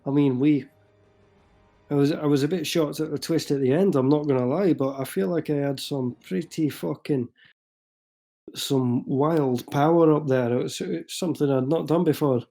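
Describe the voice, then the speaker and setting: A man's voice: a little high, moderate pace, gravelly, warm tone, faint music behind. A man playing a tabletop game, chatting cheekily and swearing freely. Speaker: player. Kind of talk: casual tabletop game chat.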